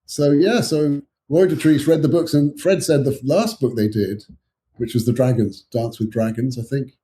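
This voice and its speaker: Older english guy, mellow voice, rambly storytelling, faint noise behind. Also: mid-range voice, moderate pace. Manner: rambling anecdotal storyteller, chuckling asides. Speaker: author guest. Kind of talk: casual chat.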